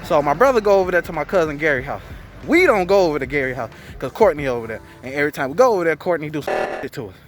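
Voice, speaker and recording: A man vlogging to camera, telling a story in a loose, profane, animated way and acting out quotes. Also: on the high side, racing. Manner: profane, animated, acts out quotes in character voices. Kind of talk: casual storytelling.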